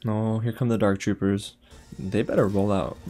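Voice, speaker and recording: A young man hosting a casual reaction video, talking excitedly to his viewers with lots of exclamations. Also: on the low side, normal speed, faint music behind. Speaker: YouTube reaction host.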